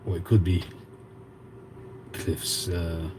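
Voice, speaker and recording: Man in his fifties, Cockney accent, very low voice, casual chatty livestream host, noisy background. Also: level tone, slow pace. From England. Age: 50s. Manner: chatty, reads out viewer comments. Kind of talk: casual livestream chat with viewers.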